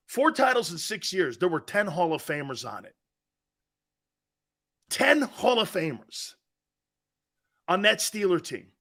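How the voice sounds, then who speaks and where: An energetic male sports talk host whose voice runs a little high and bright. He rambles through stories in a casual, chatty way and stops to read viewer comments out loud.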